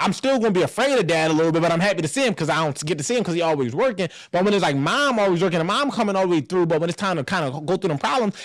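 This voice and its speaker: A man in his thirties hosting a casual podcast discussion, animated and blunt, acting out family voices and swearing freely. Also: high voice, no room sound, clean studio sound. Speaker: podcast host.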